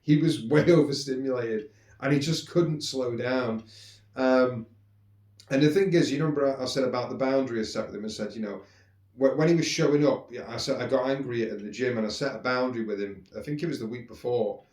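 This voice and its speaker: A man, casually telling personal stories in a rambling, animated way, with some swearing. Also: mid-range voice, fairly quick. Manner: rambling, animated, swears, acts out quoted speech. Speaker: podcast host. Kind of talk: casual storytelling monologue. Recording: roomy echo.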